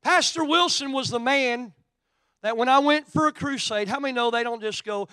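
A middle-aged Oklahoma preacher with a local accent tells a story within his sermon, swinging from quiet asides to loud, emphatic preaching. His voice is very high-pitched yet clear and resonant, and he keeps a moderate pace. There's no echo.

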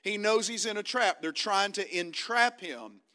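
A man preaching a sermon, retelling stories with dramatic swings between loud emphasis and hushed, quiet quoted lines. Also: sits high, a little slow.

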